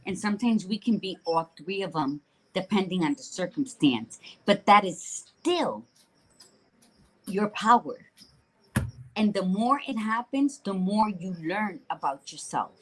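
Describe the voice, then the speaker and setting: A woman's voice: medium pitch, husky, rough recording. A woman co-hosting a casual conversation podcast, talking candidly and bluntly with casual swearing. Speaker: podcast co-host.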